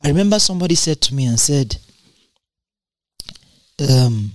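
A preacher in full sermon mode, hammering each point by repeating it, jumping from low to high. The pitch sits in a middle range. The sound is dry and close, with no room echo. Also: animated, normal speed, darkish tone. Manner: emphatic and repetitive, with large swings in pitch.

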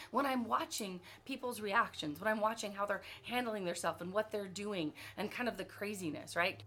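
A middle-aged woman giving a motivational talk to her team as a leadership coach, telling stories with lots of "like" and "right?" and laughing often. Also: on the high side. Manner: animated storyteller, laughs often, many "like"s and "right?".

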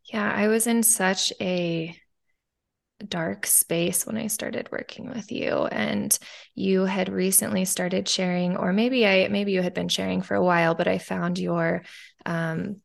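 A woman's voice: mid-range voice, little pitch movement, unhurried, vocal fry. A woman hosting a podcast in casual interview chat, rambling with frequent ums and restarts. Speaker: podcast host.

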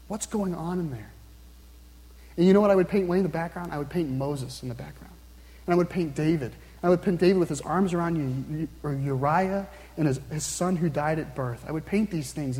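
A man preaching with an earnest, searching manner, pressing his listeners again and again and slowing down when he reads scripture. His voice sits high yet mellow. A long reverb trails after his words, as in a large hall. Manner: earnest, repeats questions to the listener, slows down to read scripture. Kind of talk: sermon.

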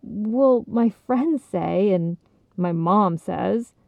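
Woman reading as weepy young pilgrim girl, high and choked, tinny dry sound. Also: very slow, creaky, no room sound. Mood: unsure.

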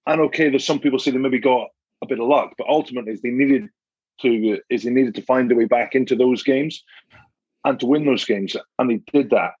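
A man who has captained rugby teams, talking as a guest in a casual chat, measured and thinking aloud with frequent restarts. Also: mid-range voice, darkish tone, slightly rough, no echo, muffled recording. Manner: measured, reasoning aloud with repeats.

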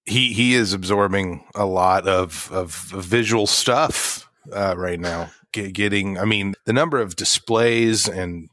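A man's voice: lowish voice, a bit bright, dry recording. A man hosting a casual tech show from a studio, rambling and joking at his own expense, often stumbling over his words. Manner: rambling, self-deprecating, stumbles and restarts. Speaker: show host.

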